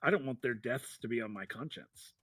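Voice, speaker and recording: A man's voice: mid-range voice, animated, fairly quick, bright, forceful tone, breathy edge, dry recording, recorded from a distance. A man voicing an earnest, reluctant town mayor. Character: cautious female town mayor.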